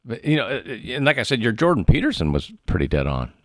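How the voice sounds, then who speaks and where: An older man hosting a casual interview, easygoing and agreeable, halting as he searches for words. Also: medium pitch, wildly swooping pitch, no room sound, clean studio sound. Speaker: podcast host.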